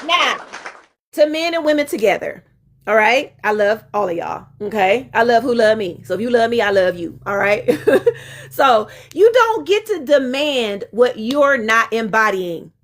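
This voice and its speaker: A woman's voice: on the high side, big pitch swings, measured pace. A woman giving a live-stream relationship talk, emphatic and preachy, speaking straight to her viewers in casual slang.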